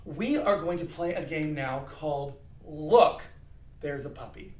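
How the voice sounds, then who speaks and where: A man's voice: a little high, unhurried, distant mic. A man teaching an acting lesson to young children, playfully acting out emotions and counting along. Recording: echoey room, voice a bit off-mic.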